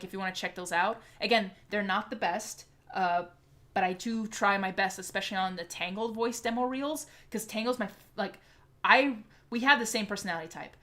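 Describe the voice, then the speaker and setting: A woman hosting a casual livestream Q&A, chatty and eager as she answers viewer comments aloud. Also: medium pitch. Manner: eager and excitable. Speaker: livestream host.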